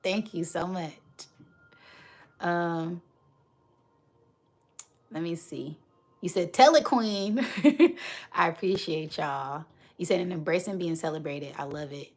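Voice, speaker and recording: A woman's voice: deep voice, fairly even intonation, slow pace, pauses often. A woman, a spiritual reader on a live stream who preaches affectionately and reads out viewers' comments.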